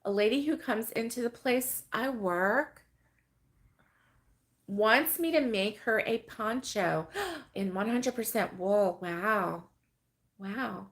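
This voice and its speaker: A woman's voice: medium pitch, slow, long pauses. A middle-aged woman hosting a casual crochet chat, rambling with many fillers and laughing often as she reads viewer comments. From United States. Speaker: host of a crochet live stream.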